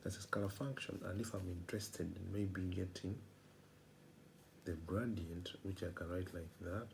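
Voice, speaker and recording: Deep gravelly male math lecturer. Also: noisy background. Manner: repeats phrases, asks rhetorical "what?" questions.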